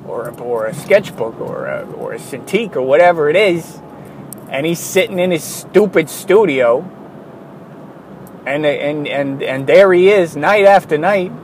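A man's voice: on the high side, expressive, measured pace, a little mellow, slight background noise, rough recording. A man hosting a solo podcast, ranting in a worked-up way, often interrupting himself and apologizing. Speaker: podcast host.

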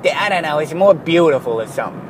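A man's voice: fairly high pitch, animated, fast, noisy background. A man hosting a solo podcast, ranting in a worked-up way, often interrupting himself and apologizing. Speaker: podcast host.

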